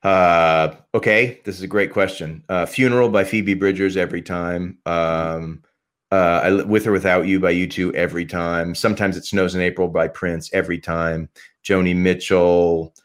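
A man's voice: sits low, steady tone, moderate pace. A man talking as a podcast guest, rambling passionately about music, swearing freely and restarting his sentences. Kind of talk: casual podcast conversation.

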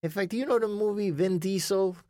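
A man's voice: high voice, a little fast, a little mellow. A man sharing his story as a guest in an interview. His telling is emphatic and rambling, laced with swearing. The recording is dry and close, with no echo. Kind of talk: storytelling in a conversation.

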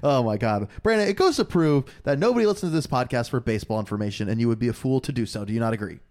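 A man's voice: medium pitch, very fast. A young man co-hosting a comedy podcast, joking and laughing often as he talks. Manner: jokey, laughs often, animated. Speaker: podcast co-host. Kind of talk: casual comedy podcast chat. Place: New York area.

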